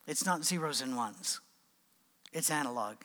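A man preaching an informal sermon, conversational with animated asides and acted quotes. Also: medium pitch, unhurried, big-room sound.

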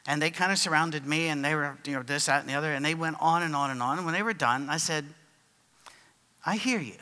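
Brief: male preacher, slightly high bright voice, loose storytelling delivery, reverberant hall. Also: fairly even intonation, quick pace, smooth. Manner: conversational, storytelling, with fillers and restarts. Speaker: preacher answering written questions. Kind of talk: sermon with questions and answers.

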